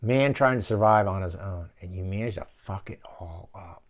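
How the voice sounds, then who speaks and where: His voice sitting low, a man runs a casual movie-riffing show from his office at normal speed with hardly any pauses, rambling, cursing, and ranting throughout.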